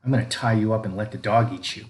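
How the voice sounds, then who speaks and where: Brief: man reading as menacing abusive dad, low and cold. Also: fairly even intonation, fast, natural voice. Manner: cold, threatening, mocking. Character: cruel abusive father, grown man, menacing. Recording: echoey room with faint background noise.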